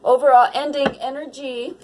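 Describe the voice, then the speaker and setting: A woman's voice: sits high, fairly even intonation, moderate pace, crowd noise, rough recording. A woman giving a casual tarot reading to her viewers, dreamy and exclamatory. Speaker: tarot reader.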